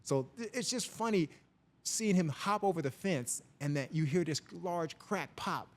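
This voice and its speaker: A middle-aged man, a police officer, telling stories from the job in a casual interview, lively and acting out the people in them. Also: fairly high pitch, measured pace. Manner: animated storyteller, voices people in his anecdotes.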